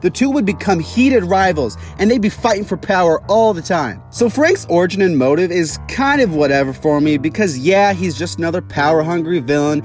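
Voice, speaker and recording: A man's voice: high-pitched, animated, brisk, hardly any pauses, soft background music. A young man hosting a casual video review series, talking about game villains in a chatty, opinionated way.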